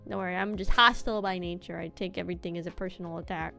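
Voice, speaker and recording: A woman's voice: on the low side, fairly even intonation, rapid-fire, gravelly, pushed and bright, faint music behind. A young adult woman streaming, chatting casually and at length while she plays, with easy rambling and casual swearing. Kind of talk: casual chat while gaming.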